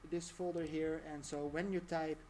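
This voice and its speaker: A woman's voice: sits low, level tone, moderate pace, a little mellow, a little hiss or hum. A woman talking through a casual live-stream tutorial, chatty and rambling, laughing often.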